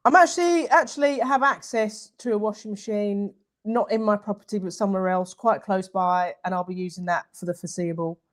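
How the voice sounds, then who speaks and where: A woman's voice: medium pitch, brisk, few pauses. A woman co-hosting a comedy podcast, chatting casually and bluntly, laughing often and restarting her sentences. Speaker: podcast co-host.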